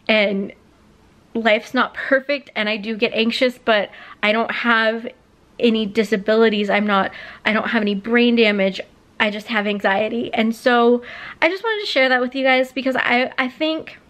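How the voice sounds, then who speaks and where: A woman's voice: a little high, fairly bright tone. A woman in her late twenties telling a personal story on her vlog, rambling with many fillers and close to tears. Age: late 20s. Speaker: vlogger.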